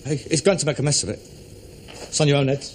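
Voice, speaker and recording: A man's voice: a little high, steady tone, fast, lightly acted. An actor playing a pretentious, touchy working-class man who gets easily exasperated, on an old TV soundtrack. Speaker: amateur actor, grown son. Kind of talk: sitcom acting. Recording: noisy old TV audio.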